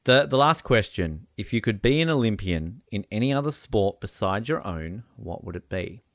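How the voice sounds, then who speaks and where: Joking male host with a lively voice. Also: on the low side, moderate pace, no echo, studio quality. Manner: joking, stammers on restarts, laughs often. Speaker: podcast host. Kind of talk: casual interview chat.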